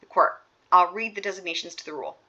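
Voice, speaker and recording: A woman reads courtroom transcripts aloud at a quick clip. Her voice is bright and sharp. She runs every speaker's lines together in her own voice, and the recording sounds dull and lo-fi. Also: lowish voice. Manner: reads each speaker's lines straight through, breaking off for chatty asides. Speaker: host reading trial sidebar transcripts. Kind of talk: reading transcripts aloud with asides.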